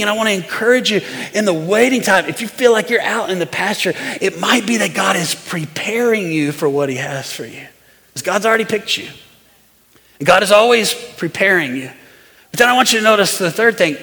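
A man preaching a sermon as pastor, firing rhetorical questions at the congregation and swinging between loud and hushed delivery. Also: sits high, animated, fast. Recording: long reverb of a large hall.

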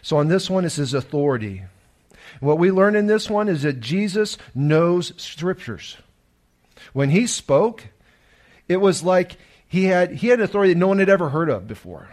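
A man's voice: high-pitched, sing-song, moderate pace, a little mellow. A male pastor, preaching a sermon earnestly and emphatically, with restarts and rhetorical questions.

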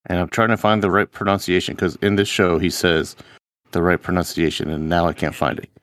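A man's voice: low-pitched, level tone, a little fast, fairly bright tone, no room sound, clean studio sound. A man co-hosting a podcast, chatting casually and telling a rambling anecdote. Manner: rambling storyteller, acts out quoted friends. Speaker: podcast co-host. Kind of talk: casual chat.

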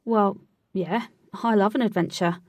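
An eager young fisherman, cheerful and excitable, pleased with himself, as a woman reading the story puts him on. The voice lifts somewhat higher than her narration. The sound is dry, with the mic set slightly back. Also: unhurried, dry recording, far from the mic, natural voice. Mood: earnest.

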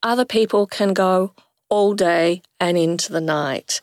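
A woman's voice: lowish voice, measured pace, dry recording, studio quality. A woman hosting an interview, asking curious questions and sharing stories from recording narrators in the booth. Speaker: host and audiobook producer. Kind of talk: conversational interview.

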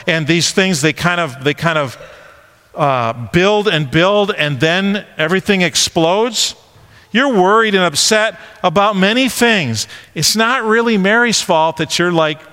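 A man preaching a conversational sermon, animated and full of questions. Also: sits high, long reverb tail.

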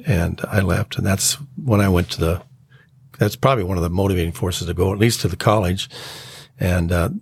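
An American man telling his life story as an interview guest, earnest and halting. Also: low-pitched, creaky, darkish tone, slightly rough, no room sound. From United States. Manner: earnest, halting, acts out quoted dialogue. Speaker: guest sharing his testimony.

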